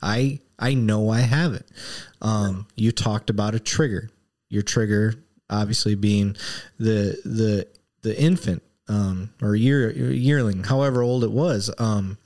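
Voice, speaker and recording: A man's voice: on the low side, fairly even intonation, a little slow, a little mellow. A man in his thirties hosting a podcast, talking candidly and a bit rambling in a casual conversation. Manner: candid, rambling, emotional at times. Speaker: podcast host.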